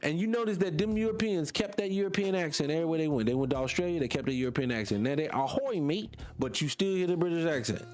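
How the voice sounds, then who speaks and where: This morning show host's voice is fairly high and darkish, rapid-fire with few pauses, over faint background music. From a small town in North Carolina, he hosts a casual livestream, rambling impassionedly, reacting to chat comments and losing his train of thought.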